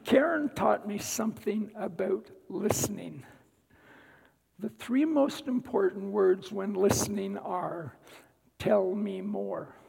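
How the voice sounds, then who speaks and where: Gravelly man speaking in a reverberant church. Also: high voice, lively intonation, slow pace, darkish tone. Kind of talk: sermon-style personal testimony. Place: church sanctuary.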